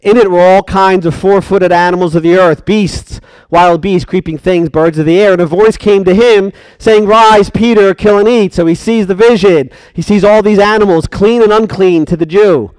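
A man's voice: high voice, moderate pace, few pauses, a little mellow, clean tone, no room sound. A man preaching a sermon, emphatic and questioning his congregation.

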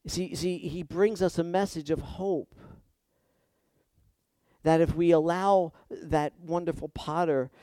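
Male preacher, high voice, passionate sermon delivery with stumbling repeats; dry recording. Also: steady tone, slow, pauses often, smooth, dry recording. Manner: impassioned, swinging from hushed to loud and emphatic; repeats words when stirred.

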